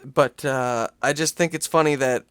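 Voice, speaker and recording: Smooth-voiced young man chatting casually. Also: moderate pace, no room sound, studio quality. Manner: animated retelling, jumps into squeaky character voices. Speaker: podcast co-host. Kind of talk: casual chat.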